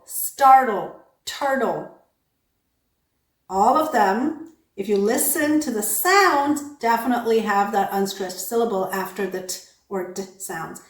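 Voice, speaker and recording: A woman teaching English pronunciation, patiently explaining sound rules, saying example words slowly and often checking in with "okay?". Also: mid-range voice, echoey room. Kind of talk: pronunciation lesson.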